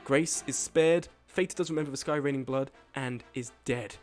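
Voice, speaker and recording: A man hosting a live stream, reading out game events in casual commentary, excitable and swearing freely while joking with his chat. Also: medium pitch, moderate pace, faint music behind. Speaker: streamer host.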